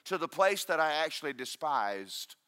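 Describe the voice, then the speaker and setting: Pastor, man, booming voice, bright and animated, joking at his own expense. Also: moderate pace, clean tone. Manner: loud, booming preacher with self-deprecating humor. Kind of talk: sermon. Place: church.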